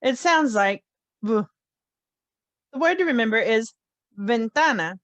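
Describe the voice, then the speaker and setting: A woman teaching a phonics lesson, slowly sounding out letters and repeating each word with care. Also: on the high side, animated, no echo. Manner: slow, carefully sounds out letters and words. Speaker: language teacher. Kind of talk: slow children's phonics lesson.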